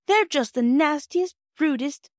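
A woman's voice: fairly high pitch, expressive, fairly quick, a little mellow, no echo, studio quality, pitched above the performer's own voice. A woman reading a classic children's storybook aloud and voicing a hot-tempered little girl who flares up indignantly.

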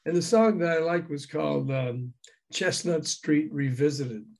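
An older man, a guest in an interview, telling animated anecdotes with chuckles and acting out quoted dialogue. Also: fairly high pitch, a little slow, gravelly. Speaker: guest, former record promotion man. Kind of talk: casual storytelling interview.

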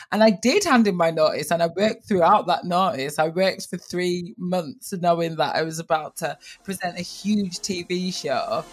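Northern English woman, TV presenter type, low-pitched, animated personal storytelling. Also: normal speed, few pauses. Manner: animated, lively voice changes for quoted speech.

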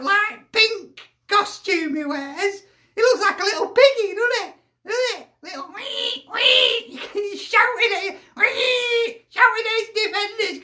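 A man's voice: very high voice, bright, forceful tone, full character voice. A man putting on a rowdy, foul-mouthed football fan, cackling and swearing through a comic rant.

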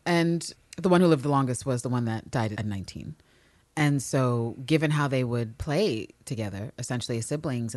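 A woman's voice: extremely low pitch, dry recording. A woman co-hosting a podcast, chatting casually and animatedly, swearing and acting out characters' lines. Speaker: podcast co-host. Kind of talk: casual recap chat.

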